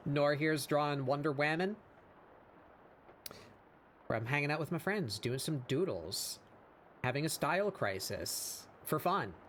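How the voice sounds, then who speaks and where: Male art streamer, voice going hoarse, unhurried rambling chat, faint noise behind. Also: fairly high pitch, lively intonation, fairly bright tone. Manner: rambling and self-deprecating, with frequent fillers and laughs. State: hoarse, losing his voice after hours of talking. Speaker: streamer hosting a weekly art show. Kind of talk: casual live-stream chat while drawing.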